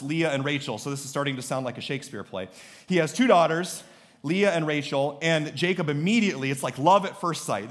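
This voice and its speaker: A male pastor preaching a sermon, animated and joking, with sudden bursts of emphasis. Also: a little high.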